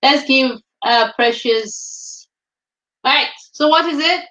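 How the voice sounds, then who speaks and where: A woman hosting a children's reading show over a video call, briskly questioning and coaxing the young readers like a teacher. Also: sits high, sharp tone, roomy sound, low-quality recording. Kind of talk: casual chat quizzing children.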